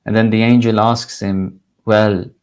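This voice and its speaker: A man who is a religious teacher, telling a moral story in a measured, deliberate sermon style. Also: lowish voice, little pitch movement, darkish tone, smooth.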